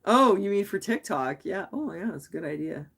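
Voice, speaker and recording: A rambling woman chatting on a late-night livestream, her pitch sitting at a middle level. She talks candidly and thinks aloud, full of "like"s and restarts as she answers viewer comments. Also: lively intonation, normal speed, gravelly. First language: English. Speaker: livestream host.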